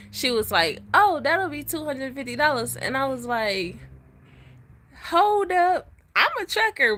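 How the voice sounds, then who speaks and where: A woman, a truck driver vlogging, who tells a personal story in a casual and dramatic way, speaking straight to her viewers and jumping into high voices when she quotes people. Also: pushed and bright.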